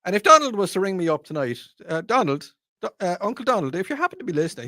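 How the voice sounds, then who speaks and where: A man's voice: high-pitched, big pitch swings, fast talker, bright, forceful tone, no echo. A man with an Irish accent hosting a talk radio show, rambling and joking through a casual monologue into a studio microphone. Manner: rambling, digressive, jokey.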